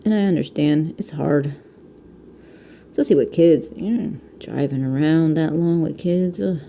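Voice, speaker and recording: A low-pitched, gravelly, warm voice at normal speed belongs to a crafting vlogger from Connecticut, USA, about thirty, with a Connecticut accent. She rambles chattily and laughs often while diamond painting at home, recorded on the camera mic with a little hiss or hum.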